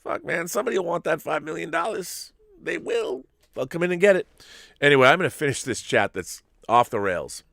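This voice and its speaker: A man's voice: on the high side, a little fast, vocal fry, dry recording, studio quality. Giddy, rambling man hosting a live chat. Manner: rambling and animated, self-interrupting. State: a little giddy and loopy. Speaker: show host. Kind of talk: casual live-stream chat.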